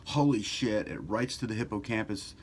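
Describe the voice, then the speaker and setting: A middle-aged man with a fairly low voice talks through a self-help lesson in a loose, chatty way. He swears casually and acts out people's inner voices. A faint ambient hum sits behind him. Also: expressive, moderate pace. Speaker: self-help author and video host. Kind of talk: casual motivational talk to camera.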